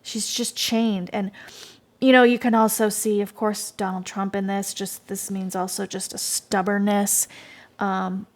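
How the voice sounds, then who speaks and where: A woman's voice: mid-range voice, little pitch movement, a little slow. Rambling woman musing over tarot cards. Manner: rambling, hesitant, many fillers and restarts. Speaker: tarot reader. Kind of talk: casual intuitive tarot reading monologue.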